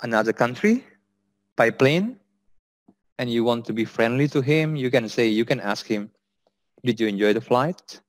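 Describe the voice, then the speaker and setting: A man's voice: mid-range voice, lively intonation, moderate pace, long pauses, dry recording. A man with an Indonesian accent teaching an English lesson, patiently repeating example sentences.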